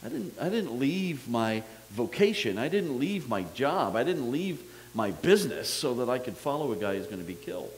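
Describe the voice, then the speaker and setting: A man's voice: medium pitch, big pitch swings, moderate pace, few pauses, low-quality recording. An exasperated grown male follower, pleading and complaining in loose, casual slang, as a male preacher puts him on. The voice rises and falls as he protests. A faint hum runs under it.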